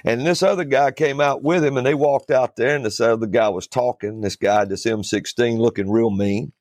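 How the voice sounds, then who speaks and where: A man's voice: mid-range voice, normal speed, a little mellow, no echo. A man who is a preacher, telling a folksy story in a casual talk-show chat. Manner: fiery and preachy, then folksy anecdote-telling.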